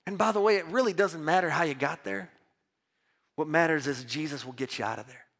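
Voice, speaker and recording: A man preaching a sermon as pastor, emphatic and lively, mixing Bible reading with personal stories told with restarts. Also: a little high, fairly quick, vocal fry. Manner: repeats words and restarts when telling stories.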